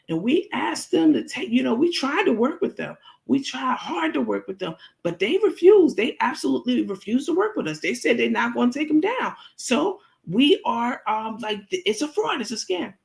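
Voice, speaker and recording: A woman's high, strained take on a frantic woman spitting out every word with exaggerated precision. The voice jumps well above her usual pitch, with a gravelly edge. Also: sing-song, normal speed, hardly any pauses. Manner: crisp, exaggerated enunciation. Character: frantic, over-enunciating woman warning of a scam.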